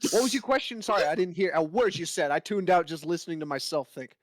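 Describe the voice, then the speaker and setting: A man playing a tabletop game, joking deadpan with the other players. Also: on the high side, quick pace, no room sound. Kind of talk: casual tabletop chat.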